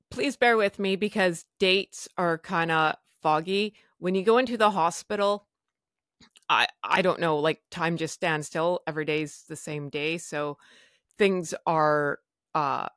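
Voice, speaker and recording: Low-voiced blunt woman. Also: takes it slowly, fairly bright tone, no echo, studio quality. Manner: frank and blunt, swears freely, wry humor. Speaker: podcast host. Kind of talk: candid personal storytelling.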